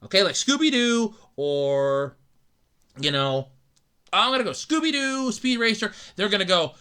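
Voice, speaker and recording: A woman hosting a podcast, delivering an excitable, swearing, comedic rant with frequent laughs. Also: medium pitch, measured pace, smooth. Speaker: podcast host. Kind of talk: ranting comedic podcast monologue.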